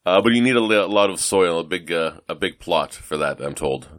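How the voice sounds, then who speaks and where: A man from the United States rambles through a casual chat as a podcast co-host, trailing off and restarting with plenty of fillers. His voice sits fairly low, and the recording is dry and close with no room sound. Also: animated, a little fast, fairly bright tone, no room sound. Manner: rambling, self-deprecating, lots of fillers and restarts.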